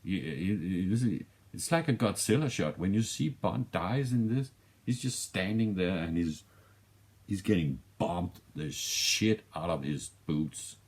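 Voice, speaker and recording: A man with a Danish accent talks through a film review in a loose, rambling way. His voice sits extremely low and he speaks slowly, often stopping to restart a thought. He swears casually as he goes. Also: animated. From Denmark.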